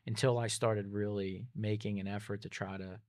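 A man's voice: lowish voice, flat delivery, normal speed, a little mellow. A man talking as a guest in a casual interview, thoughtful and a little hesitant as he speaks. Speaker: business owner guest.

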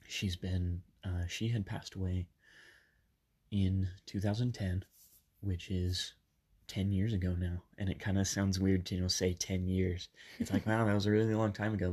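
A man in his twenties hosting a podcast from a bedroom padded with soft things. He is slightly sick and tells his story casually, with many ums and self-corrections. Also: sits low, level tone, normal speed, husky. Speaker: podcast host.

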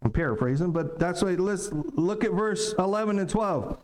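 A man's voice: high voice, animated, normal speed, darkish tone. A male pastor preaching a sermon in a small-town church, conversational and joking, with plenty of rhetorical questions.

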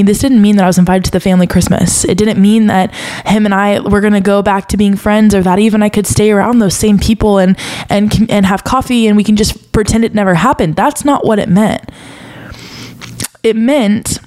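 A woman's voice: mid-range voice, dark tone. A young woman hosting a podcast, talking earnestly and confessionally about faith, at times close to tears. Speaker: podcast host. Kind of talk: personal faith podcast talk.

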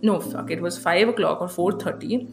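A woman's voice: lowish voice, normal speed, gravelly, over music. A young woman with an Indian accent, hosting a podcast and telling a story casually, swearing a lot and mixing in Hindi. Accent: Indian English. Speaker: podcast host.

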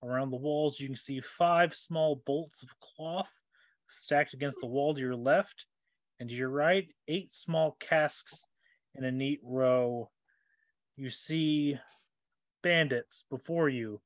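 A man narrating as game master, describing scenes in an unhurried way with lots of fillers. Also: medium pitch, no echo.

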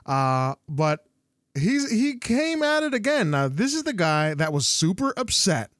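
A man co-hosting a podcast in casual chat, animated and laughing often, restarting his sentences. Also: sits high, a little slow, dry recording, studio quality. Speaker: podcast co-host.

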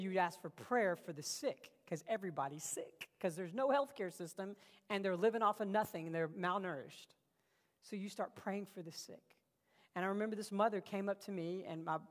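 Gravelly preacher with a passionate delivery. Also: male voice, high-pitched. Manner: passionate storytelling, swinging between loud bursts and hushed lines. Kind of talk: sermon. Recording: long reverb of a large hall.

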